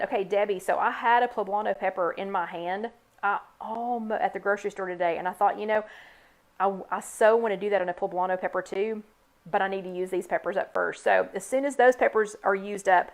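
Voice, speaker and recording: A woman's voice: mid-range voice, fairly even intonation, fairly quick. A woman hosting a live online chat, casually demonstrating a recipe and talking to viewers by name in an upbeat, chatty way. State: hiccups. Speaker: host. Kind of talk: live cooking demo chat.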